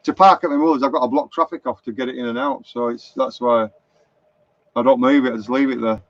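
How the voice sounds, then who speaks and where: A man's voice: medium pitch, fairly even intonation, fast, no echo. A middle-aged man with a Lancashire accent, rambling through anecdotes on a live stream and reading out viewer comments. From Lancashire, England. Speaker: motorhome vlogger. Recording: dull lo-fi live stream, dry.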